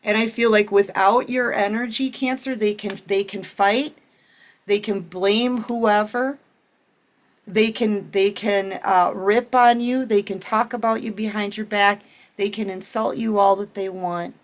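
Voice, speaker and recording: Middle-aged woman, tarot reader, unhurried and emphatic, addresses the viewer directly. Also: mid-range voice, steady tone. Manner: emphatic, repetitive, talks straight to the viewer. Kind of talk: casual tarot reading monologue.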